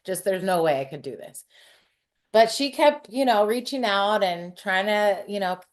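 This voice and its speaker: A woman's voice: medium pitch, expressive, normal speed. A woman in her forties, a hairstylist telling her personal story in an interview, frank and chatty with some casual swearing.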